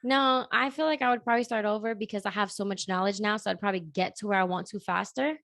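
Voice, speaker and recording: A woman journalist and radio host, talking fast and animatedly as a guest in a casual interview, with lots of "like.". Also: mid-range voice, steady tone, creaky, a bit bright, no echo, studio quality.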